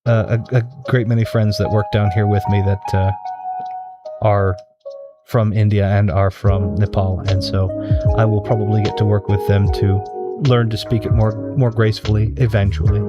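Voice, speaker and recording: A man's voice: fairly low pitch, level tone, moderate pace, lo-fi sound. A man hosting a live stream in casual chat, rambling and hesitant, often restarting and correcting himself. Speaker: streamer host. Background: background music.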